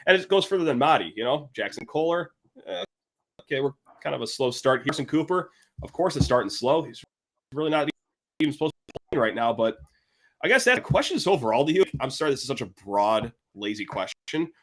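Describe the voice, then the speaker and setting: A male sports podcast host talking casually and reading an ad with playful, animated energy. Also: medium pitch, fairly quick, a little hiss or hum.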